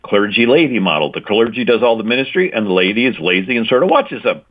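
A man with a lowish voice delivers a fast, emphatic lecture on church history as a guest speaker on Christianity's past, his intonation lively. He hammers home key points and checks in with listeners by asking "right?", all heard through a tinny, phone-like connection.

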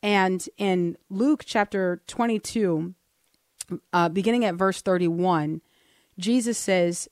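A woman co-hosting a Christian talk show, earnestly teaching from the Bible and slowing down to read verses aloud. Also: fairly low pitch, a little mellow, no echo, studio quality. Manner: earnest, explains step by step, slows down to read verses.

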